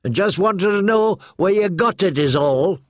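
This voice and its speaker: A man's voice: high voice, lively intonation, moderate pace, no room sound, clean studio sound, pitched above the performer's own voice. A man voicing a nosy, anxious young boy who talks eagerly and gets defensive. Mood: curious.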